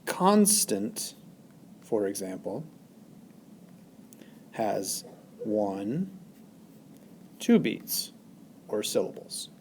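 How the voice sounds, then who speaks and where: A male teacher giving a recorded lesson, speaking deliberately and exaggerating stressed syllables. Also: fairly low pitch, sing-song, slight background noise. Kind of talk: recorded classroom lesson narration.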